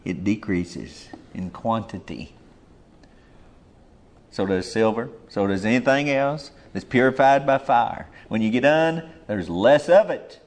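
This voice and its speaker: A man's voice: mid-range voice, expressive, unhurried. Folksy man preaching a sermon. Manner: folksy, emphatic, swings between loud and soft.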